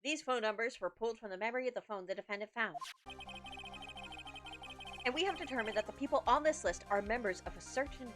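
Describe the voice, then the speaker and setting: A woman's voice: on the high side, fast talker, pauses often, close to an everyday voice. A woman voicing an earnest young male defense lawyer in a video game, steadily explaining, with game music behind.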